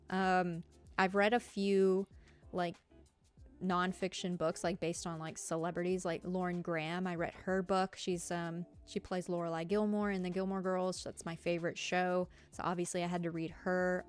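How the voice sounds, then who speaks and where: A woman with a Southern US accent, a streamer chatting casually with her live viewers, giggly and full of fillers. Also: fairly low pitch.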